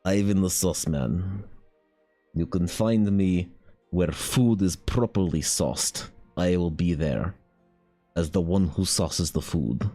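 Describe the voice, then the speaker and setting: A man voicing a grand, theatrical male sauce peddler at a fair, speaking in slow, pompous proclamations. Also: low-pitched, warm tone. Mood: grandiose. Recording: faint music behind.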